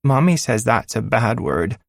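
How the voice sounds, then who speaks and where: A man voicing a timid six-year-old girl in an audiobook, pitching up into a high, pleading, childlike voice. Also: very animated, measured pace, vocal fry, no room sound, studio quality, heavily acted. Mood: scolding. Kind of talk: audiobook character voice.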